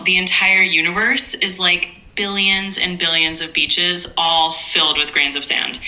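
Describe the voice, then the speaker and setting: Bright upbeat AI assistant woman's voice. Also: medium pitch, echoey room, rough recording. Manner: upbeat, smooth and agreeable. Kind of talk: chatbot replies.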